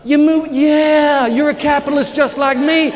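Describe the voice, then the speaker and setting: With a very high voice, steady tone and moderate pace, a man gives a motivational sales keynote, energetically joking and posing questions to the crowd. The large conference hall sounds reverberant, with the audience laughing and murmuring throughout.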